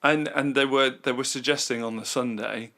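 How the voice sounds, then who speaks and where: A young man co-hosting a music podcast, telling stories in an animated, incredulous way. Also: medium pitch, moderate pace. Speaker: podcast co-host. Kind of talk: casual chat.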